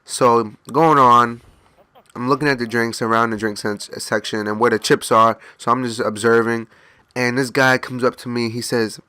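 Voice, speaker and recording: A man's voice: medium pitch, steady tone, brisk, bright, forceful tone, no room sound. Young man, laid-back storyteller, rambling anecdote, dry close sound. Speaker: gaming channel host. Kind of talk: casual storytelling.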